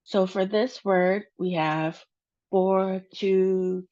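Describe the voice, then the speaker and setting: Slow, patient American woman teaching. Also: lowish voice, expressive. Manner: patient, spells out stress and syllables slowly. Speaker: pronunciation teacher. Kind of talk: slow pronunciation lesson. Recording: dull, dry, lo-fi sound.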